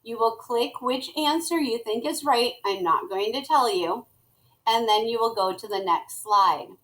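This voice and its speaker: Slow, patient woman teacher. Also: a little high, fairly bright tone, rough recording. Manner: slow, step-by-step, talks to students as she types. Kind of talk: screen-recorded classroom tutorial.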